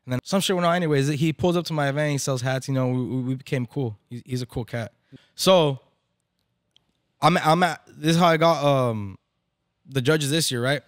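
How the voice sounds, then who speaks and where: A man's voice: mid-range voice, moderate pace, no room sound, studio quality. Slangy, profane man telling a story. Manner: slangy, profane, mixes in Spanish. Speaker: barber event organizer, podcast guest. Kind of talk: casual storytelling chat. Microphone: podcast microphone.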